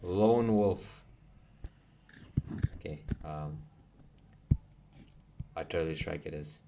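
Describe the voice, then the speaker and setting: A young man commentating his own video game play, getting excited and swearing when it goes wrong. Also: extremely low pitch, slow, gravelly, background noise. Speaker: gaming channel host. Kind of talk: gameplay commentary.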